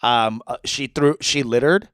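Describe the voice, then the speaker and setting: A man co-hosting a comedy podcast, telling animated, swear-filled stories and mimicking his mother. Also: mid-range voice, measured pace, no room sound, studio quality. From United States. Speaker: podcast co-host. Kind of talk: casual comedic chat.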